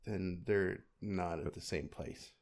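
Male podcast co-host, lowish voice, relaxed dry storytelling. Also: slow pace. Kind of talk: casual chat.

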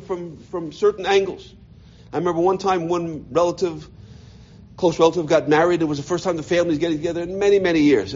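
A middle-aged man with a fairly high voice tells a heartfelt personal story to a gathering. He stumbles and repeats words as he searches for them. The recording sounds muffled and lo-fi. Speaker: speaker telling his life story.

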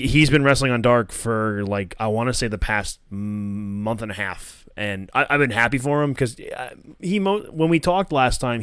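Smooth-voiced male podcast host. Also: fairly low pitch, a bit bright, no echo, clean studio sound. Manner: easygoing, brief reactions. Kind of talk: casual podcast chat.

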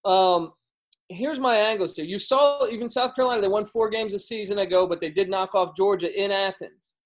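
High-voiced guy rambling through football picks. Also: brisk, low-quality recording. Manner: rambling with many restarts. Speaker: guest handicapper. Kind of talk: casual sports betting chat.

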